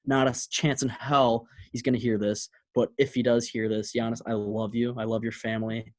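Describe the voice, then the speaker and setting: Earnest, halting young man. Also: medium pitch, flat delivery. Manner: earnest, halting, filler-heavy. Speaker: podcast co-host. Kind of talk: casual sports podcast chat.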